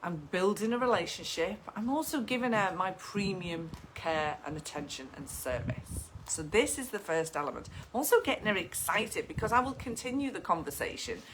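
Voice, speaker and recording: A woman's voice: mid-range voice, expressive, moderate pace, hardly any pauses, background noise. A woman teaching photography business, talking in a chatty, enthusiastic way and acting out example client conversations. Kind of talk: casual teaching talk with role-play examples.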